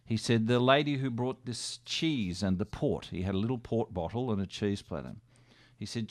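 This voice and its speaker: An older man with an Australian accent, a radio guest telling lively anecdotes and acting out quoted dialogue. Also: lowish voice, a little fast, no room sound. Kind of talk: casual storytelling.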